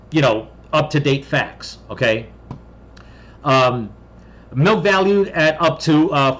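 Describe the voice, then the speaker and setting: American guy ranting casually, kinda high voice, keeps going "okay?" and restarting. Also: fairly bright tone. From United States. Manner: rambling, repeats "okay?" often, restarts. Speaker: commentator. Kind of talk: casual commentary reading an article.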